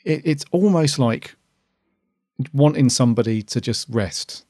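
A man's voice: medium pitch, expressive, a little slow, darkish tone, no echo, studio quality. A man co-hosting a casual podcast review, talking earnestly and at length about what moved him. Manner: earnest, emotional, rambling. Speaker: podcast co-host.

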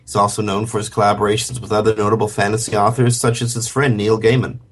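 A man's voice: fairly low pitch, level tone, quick pace, husky. A man co-hosting a web radio show in casual, chatty talk full of fillers and restarts. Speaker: podcast co-host.

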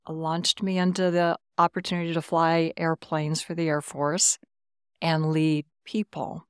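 A woman's voice: deep voice, dry recording, clean studio sound. A woman in her sixties from Texas, a retired Air Force officer telling stories as a podcast guest. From Texas, USA. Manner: warm, animated anecdotes with quoted dialogue. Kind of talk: conversational storytelling.

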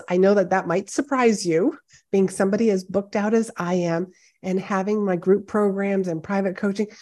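A woman's voice: medium pitch, darkish tone. Woman podcast host giving a pep talk, chatty and encouraging, talks right to you. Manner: encouraging, conversational, direct address. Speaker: podcast host and speaking coach. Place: home office with high ceilings and hardwood floors.

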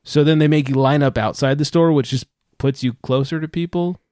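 A man telling a story on a casual podcast, profane and animated, with loud outbursts when he quotes himself. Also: on the high side, a little fast, no room sound, clean studio sound. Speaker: podcast co-host. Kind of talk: casual chat.

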